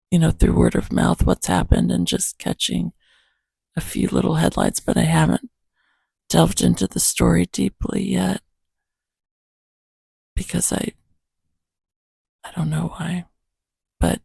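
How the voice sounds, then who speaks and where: A man with a hoarse morning voice, reading Bible verses, reflecting on them and praying in an earnest, unhurried way at home. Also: high voice, sing-song, dark tone, dry recording. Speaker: host reading scripture to his cat.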